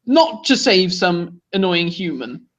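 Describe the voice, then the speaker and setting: A man co-hosting a casual review chat, animated and indignant, laughing often. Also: high voice, slow pace. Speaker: co-host. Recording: dull lo-fi recording.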